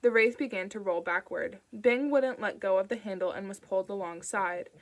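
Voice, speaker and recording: A woman reading an audiobook in a steady, even narration. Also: mid-range voice, normal speed. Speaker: audiobook reader.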